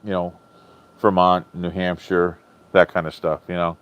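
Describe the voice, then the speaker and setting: A man hosting a live stream in casual chat, answering viewers' comments in a chatty, animated way, swearing freely and often laughing. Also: low voice, measured pace, clean tone. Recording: dull lo-fi stream audio, dry.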